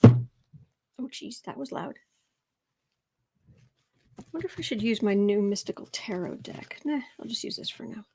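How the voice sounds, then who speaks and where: A woman's voice: mid-range voice, lively intonation, unhurried, creaky, long pauses, noisy background. A woman with a Southern accent hosting a casual tarot livestream, chatting with viewers, reading out their comments and dropping sarcastic asides. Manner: chatty, sarcastic asides, drops to soft murmurs while shuffling. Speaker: tarot reader and livestream host.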